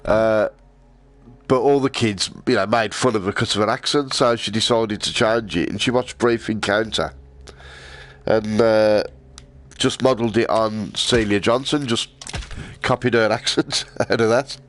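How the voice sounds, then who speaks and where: A man's voice: on the low side, measured pace. A man chatting casually and rambling while he streams a VR game, laughing often.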